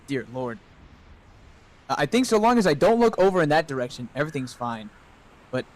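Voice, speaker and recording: Male streamer, slightly high voice, playful and jokey, casual stream chat. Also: rough recording. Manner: playful, joking, swears freely. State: out of breath. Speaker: VTuber streamer.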